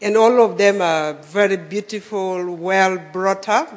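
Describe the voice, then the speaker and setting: A woman from northern Uganda gives a talk in plain, sincere short phrases and pauses between them for an interpreter. Her voice sits mid-pitch. A long reverb from the hall trails behind her. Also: fairly even intonation. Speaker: guest speaker. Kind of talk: speech with live interpreter.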